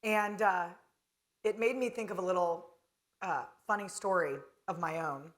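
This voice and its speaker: A woman's voice: fairly low pitch, unhurried. A middle-aged woman from North Carolina moderating a conference panel, chatty and storytelling with fillers. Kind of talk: conference stage talk.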